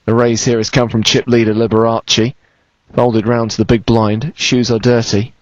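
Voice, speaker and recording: A man commentating live on a poker final table, brisk and chatty with dry banter. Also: medium pitch, flat delivery, dry recording. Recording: slightly dull, lo-fi broadcast sound.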